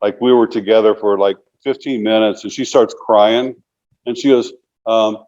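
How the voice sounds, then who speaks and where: A man's voice: on the low side, steady tone, moderate pace, darkish tone, dull audio. A man in his sixties, an interview guest telling long casual stories, rambling and filling them with "you know". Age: 60s.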